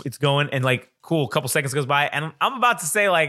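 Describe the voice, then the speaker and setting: A young man with a fairly high pitch talks fast while co-hosting a casual podcast. He's an animated storyteller, acting out the voices of the people in his stories.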